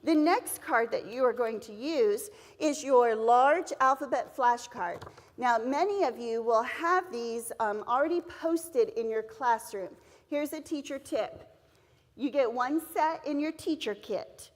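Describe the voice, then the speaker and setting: A woman's voice: fairly high pitch, animated, unhurried. A woman presenting a teacher-training seminar, acting out letter sounds and classroom scenes as she explains. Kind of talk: lively teacher-training talk. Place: church hall. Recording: echoey hall reverb.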